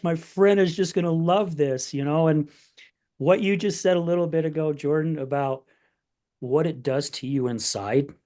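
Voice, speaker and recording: In a darkish, mid-range voice, a middle-aged man hosting a podcast casually recounts a touching story about his family. Emotion creeps in as he takes on his family's voices.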